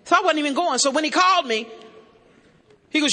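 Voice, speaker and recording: A woman's voice: high voice, expressive, a little fast, long pauses, sharp tone. A woman speaking at a recovery meeting, telling her own story with folksy, self-mocking humor and addressing the crowd directly. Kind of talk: humorous personal testimony to a crowd. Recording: long reverb of a large hall.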